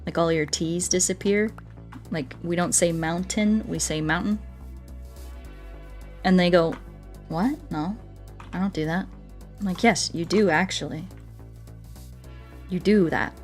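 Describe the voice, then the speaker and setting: Here a US woman with an American accent keeps up playful gaming chat, addressing viewers and pets and laughing a lot. She sounds low and darkish, with fairly even intonation, a measured pace and frequent pauses, over faint background music.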